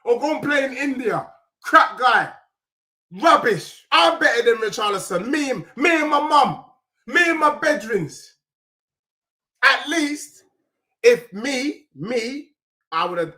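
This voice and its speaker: Hoarse young man, high and sharp-toned, shouting football rants. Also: expressive, moderate pace. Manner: ranting, often shouting. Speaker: fan channel host. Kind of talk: ranting football reaction.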